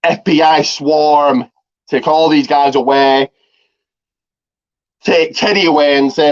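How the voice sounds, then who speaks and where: A man's voice: on the high side, fairly even intonation, takes it slowly, long pauses. Rambling man retelling a movie plot. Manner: rambling, heavy on fillers and restarts. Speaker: movie reviewer. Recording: slightly dull lo-fi audio.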